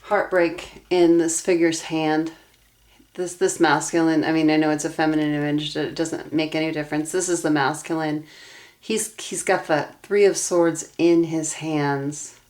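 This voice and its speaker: A woman's voice: sits low, level tone, measured pace, darkish tone. A young adult woman giving a tarot reading, earnest and emotionally invested as she talks through the cards aloud. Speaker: tarot reader.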